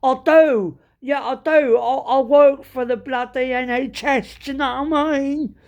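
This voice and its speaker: A man putting on a Cockney accent to play a brash young Cockney man who complains loudly and haggles over a price. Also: extremely high pitch, fairly even intonation, voice pushed up. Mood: cocky. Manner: loud, indignant, drawn-out complaining.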